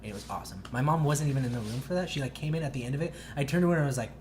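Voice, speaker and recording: A man's voice: medium pitch, rapid-fire. Young male podcast co-host, profane rambling storyteller, faint room hum. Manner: rambling, profane, animated retelling. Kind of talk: casual storytelling chat.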